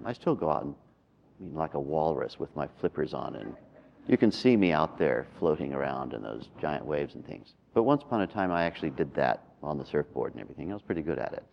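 A man, a meditation teacher, telling a personal story in a calm, measured and reflective way. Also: rumbling low, gravelly. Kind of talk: storytelling in a talk. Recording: dull lo-fi recording.

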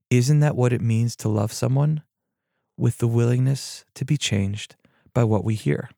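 A man who is a therapist and podcast host, telling a story and reflecting on spiritual practice in a measured, thoughtful way. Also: mid-range voice, gravelly, mellow, no echo, studio quality.

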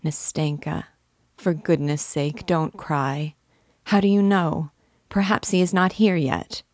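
A woman's voice: low voice, fairly even intonation, slow, darkish tone, dry recording. A woman voicing a timid but eager young man who coaxes a friend in a storybook reading. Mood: urging.

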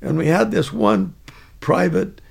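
A man's voice: high voice, measured pace, creaky, breathy edge. An older man casually telling a rambling, chuckling anecdote from his army days. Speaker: veteran storyteller.

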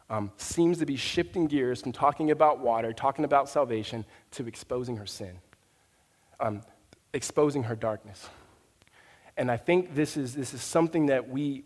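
Pastor preaching in an echoing hall. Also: male voice, medium pitch. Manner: conversational, with fillers and restarts; rising to an emphatic, raised voice. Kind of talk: sermon.

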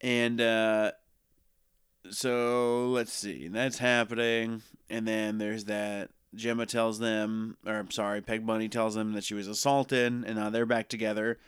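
Smooth-voiced man recapping casually. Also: fairly low pitch, flat delivery, no echo, clean studio sound. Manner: loose, profane recap, slipping into quick mock voices. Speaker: podcast co-host recapping a TV series. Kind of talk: casual chat.

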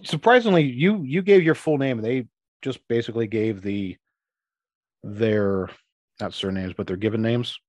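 A man narrating as game master for a tabletop game, halting and restarting his phrases as he describes scenes and voices characters. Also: medium pitch, a little mellow, no room sound, muffled recording.

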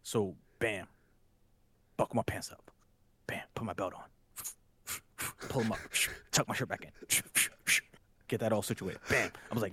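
A young man hosting a podcast, telling a crude story in a casual, profane, animated way and acting out the scene. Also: lowish voice, moderate pace, pauses often, husky, no room sound. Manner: animated storyteller, acts out the scene, laughs hard. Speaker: podcast host.

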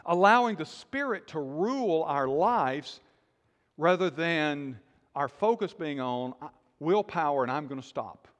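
High-voiced preaching man, hall reverb. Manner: emphatic preaching, drops to quiet intensity, asks congregation questions. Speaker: pastor. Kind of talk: sermon.

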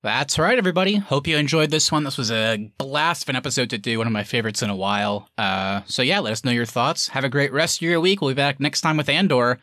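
A man's voice: medium pitch, quick pace, few pauses, no echo. A man hosting a podcast, closing out the episode in a casual, enthusiastic way. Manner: animated, enthusiastic outro delivery. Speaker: podcast host.

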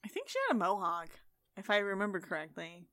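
A woman playing a tabletop game, giggly and animated as she chats. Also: medium pitch, fast talker, no room sound, clean studio sound. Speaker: player. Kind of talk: casual tabletop play.

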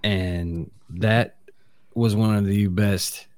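Low-voiced guy ranting about bands, cussing, dry room sound. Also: fairly even intonation, very slow, a little mellow, dry recording. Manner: profane, blunt, emphatic. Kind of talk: casual chat.

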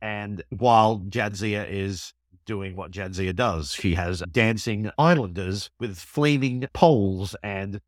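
A man, co-hosting a podcast and recapping an episode in an enthusiastic, animated way. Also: fairly low pitch, slow, dry recording, studio quality. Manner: enthusiastic, animated storytelling with laughs. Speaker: podcast co-host. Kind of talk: casual chat recapping an episode.

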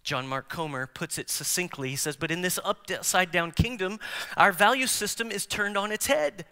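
A man preaching a sermon as a pastor in a church, swinging between emphatic declarations and hushed near-whispers and putting questions straight to the congregation. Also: high-pitched, normal speed, clear, resonant tone. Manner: engages the congregation with direct questions. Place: large church sanctuary. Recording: long hall reverb from church sanctuary.

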